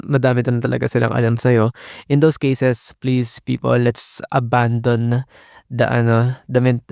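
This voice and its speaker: A man's voice: mid-range voice, vocal fry, darkish tone, clean tone, dry recording, studio quality. A young man with a Filipino accent hosting a casual solo podcast, rambling in mixed Tagalog and English with fillers and swearing. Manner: Taglish code-switching, rambling with fillers and swearing. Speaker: podcast host. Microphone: podcast mic, audio only.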